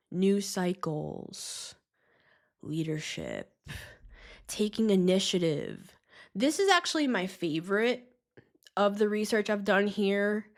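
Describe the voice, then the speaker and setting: A woman hosts a casual tarot reading to camera and lets her sentences stretch out slowly. Her voice sits on the low side, and she sounds chatty, excitable and slangy, laughing often. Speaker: tarot reader and show host.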